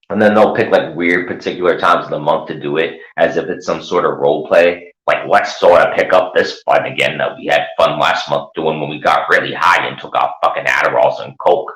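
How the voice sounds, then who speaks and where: Low-voiced guy going off on a sweary mocking rant, roomy echo on the mic. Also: moderate pace, fairly bright tone. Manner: profane, sarcastic, mocking. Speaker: channel host. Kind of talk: ranting commentary.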